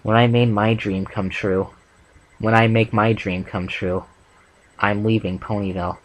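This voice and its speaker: A man's voice: on the low side, level tone, measured pace, natural voice, rough recording. A man voicing a blunt, remorseful tomboy female pony in an amateur fanfic reading, in a plain, subdued voice. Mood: regretful.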